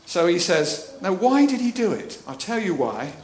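A man with a high, sing-song, slightly mellow voice delivers a lively sermon at normal speed. It's chatty and jokey; he laughs often and acts out the voices in his story. The room is echoey, with faint ambience and slight background noise.

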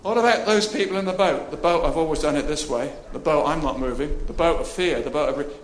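A man's voice: a little high, fast, a little hiss or hum. A man preaching a chatty, jokey sermon, laughing often and acting out the voices in the story. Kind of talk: lively sermon. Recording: echoey room with faint ambience.

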